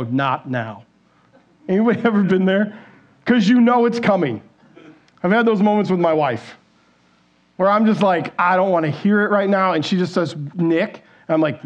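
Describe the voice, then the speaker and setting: A man's voice: on the high side, darkish tone. A man preaching a sermon in a conversational way, asking the congregation questions and acting out the voices in people's heads. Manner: conversational, asks the congregation questions, acts out quoted inner voices. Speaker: pastor. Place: church stage.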